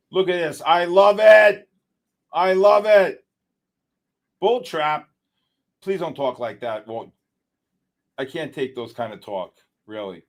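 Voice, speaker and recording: Hosting a live trading stream, a medium-pitched man gives excited, exclamation-filled market commentary and shouts out viewers by name.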